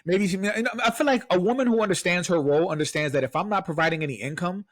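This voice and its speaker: A man's voice: sits high, very fast, a bit bright, no room sound. A man co-hosting a podcast, arguing emphatically with repeated rhetorical questions in casual talk. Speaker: podcast co-host.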